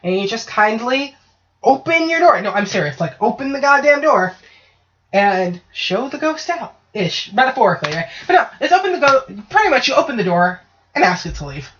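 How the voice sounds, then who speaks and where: A woman's voice: on the high side, big pitch swings, fairly quick, a bit bright, slight background noise. A woman in casual podcast chat, talking in a chatty, profane way and acting out voices. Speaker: podcast co-host. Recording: muffled lo-fi audio.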